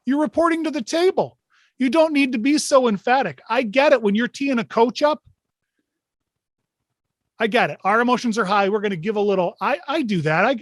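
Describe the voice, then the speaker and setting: A man's voice: sits high, no room sound. Man hosting an online officials meeting. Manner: conversational, rhetorical questions. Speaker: meeting host. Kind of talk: instructional talk to officials. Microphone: video call.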